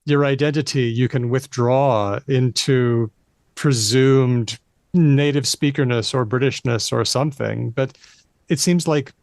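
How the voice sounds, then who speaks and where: A man's voice: mid-range voice, a little slow, no echo, clean studio sound. A man hosting a podcast interview, chatting casually and making his points in a playful, emphatic way. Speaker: podcast host.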